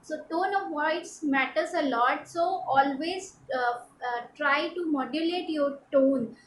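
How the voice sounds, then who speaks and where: A woman from India, a personality development trainer, giving a halting instructional talk with many fillers and repeats. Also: high voice, roomy sound, slight background noise, low-quality recording.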